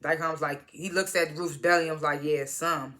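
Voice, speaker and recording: A woman's voice: sits low, steady tone, a little fast, fairly bright tone. A woman casually recapping a TV episode, retelling scenes by quoting each character in turn and laughing at them. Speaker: TV show reviewer.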